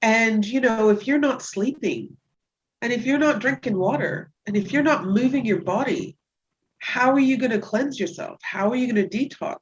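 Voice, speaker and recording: Storytelling woman chiropractor, lo-fi audio. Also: moderate pace. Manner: lively storyteller who acts out patients in high voices. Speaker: chiropractor guest. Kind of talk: casual podcast interview.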